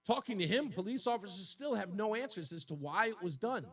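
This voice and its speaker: A man's voice: sits high, lively intonation, brisk, a bit bright, husky, far from the mic. A man hosting a talk radio show, delivering an indignant, emotional monologue that repeats points for emphasis.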